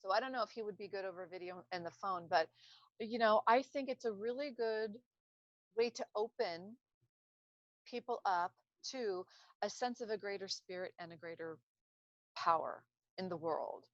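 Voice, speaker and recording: A woman's voice: mid-range voice, moderate pace, no echo. Woman talking casually, dull lo-fi recording. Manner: rambling, searching for words, frequent restarts. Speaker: speaker on trauma recovery. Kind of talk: casual unscripted talk to camera.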